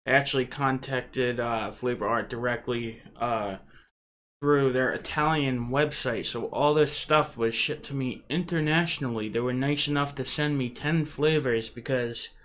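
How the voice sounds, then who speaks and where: A man's voice: mid-range voice, a bit bright. A man hosting a casual unboxing vlog, chatty and rambling, with frequent "uh" fillers. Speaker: channel host.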